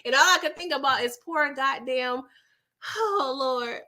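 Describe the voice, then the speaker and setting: Bright high-voiced woman recapping a show. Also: a little slow. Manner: slangy, expressive storytelling. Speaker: TV recap vlogger. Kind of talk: casual episode recap commentary.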